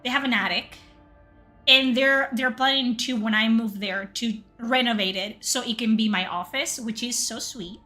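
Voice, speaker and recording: A woman's voice: fairly high pitch, normal speed, sharp tone, soft background music. A woman streaming a game, chatting casually and swearing, reading chat aloud. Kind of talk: casual livestream chat while gaming.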